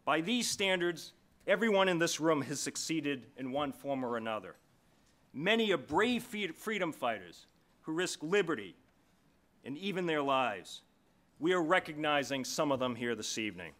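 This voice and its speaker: A man stands at a formal dinner and introduces the evening's keynote speaker in a prepared, measured speech. His voice is bright and sits a little high. He slows down to lean on key phrases. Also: very animated. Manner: measured, slowing for emphasis. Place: large banquet hall.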